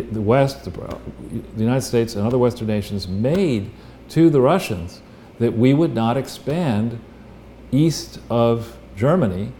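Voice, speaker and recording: A man's voice: mid-range voice, mellow, slight background noise. A man giving casual political analysis as a guest, talking bluntly with restarts and the odd profanity.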